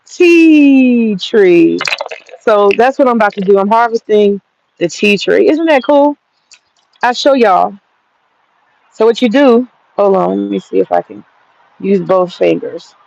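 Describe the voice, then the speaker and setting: A woman talks to her phone in the garden, chatty, excitable and swearing freely. Her voice sits mid-pitch. The audio is muffled and lo-fi. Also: measured pace, gravelly, a little hiss or hum. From Georgia, US. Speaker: gardening vlogger. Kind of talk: casual outdoor vlog. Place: outdoor home garden.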